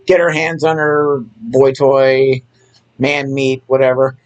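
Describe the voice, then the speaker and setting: A man's voice: medium pitch, flat delivery, takes it slowly, dull audio. A man in his forties co-hosting a podcast, chatting casually about wrestling with joking, wry asides. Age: 40s. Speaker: podcast co-host.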